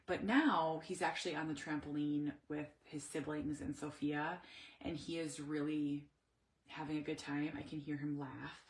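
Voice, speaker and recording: Reflective mother vlogging, low echoey voice. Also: gravelly. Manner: reflective, searching for words, many restarts. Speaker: mother of an autistic son. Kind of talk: candid personal vlog.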